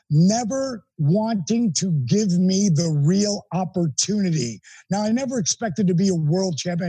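A middle-aged man with a high, husky voice tells a personal story in an interview. He is animated and emphatic, with a mellow tone. The recording is close and dry. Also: dry recording, poor audio. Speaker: interview guest.

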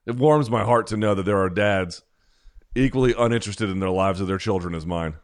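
A man's voice: fairly low pitch, brisk. A man hosting a podcast, talking in a rambling, sarcastic, self-deprecating way in casual comedic chat. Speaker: podcast host.

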